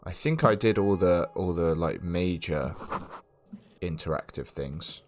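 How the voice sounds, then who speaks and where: Brief: low-voiced male streamer, chatty and quick to laugh. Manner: chatty, laughs often, reads choices aloud. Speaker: streamer playing a game. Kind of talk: casual game stream chat.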